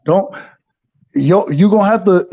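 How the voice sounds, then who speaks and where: A man's voice: sits high, measured pace, creaky, dark tone. A man, a regular guest on a live stream, giving advice in loose slang with frequent restarts. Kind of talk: casual live-stream chat. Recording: dull lo-fi audio.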